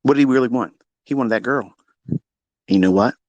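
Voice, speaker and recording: A man's voice: mid-range voice, brisk, darkish tone, dry recording, highs cut off. Profane, mocking man telling a story. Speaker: Twitter Space host. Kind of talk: casual storytelling rant. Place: lives in Maryland.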